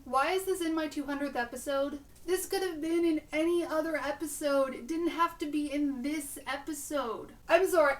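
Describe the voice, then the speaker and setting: A young woman reviewing a TV episode on video in a chatty, sarcastic, excitable way. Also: high voice, distant mic.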